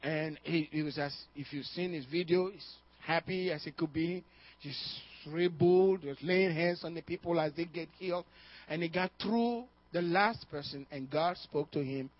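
A man preaching a sermon as a pastor, telling a story with frequent "uh" and calls of "Amen?", swinging between hushed and loud. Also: on the high side, moderate pace. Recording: dull, muffled sermon recording.

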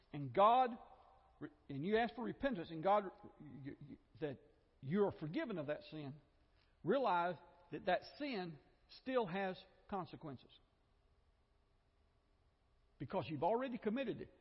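A man's voice: high-pitched, breathy edge. A man with a Southern American accent preaching a sermon in a conversational way, with joking asides and repeated phrases, in a church. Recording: dull, echoey church hall recording.

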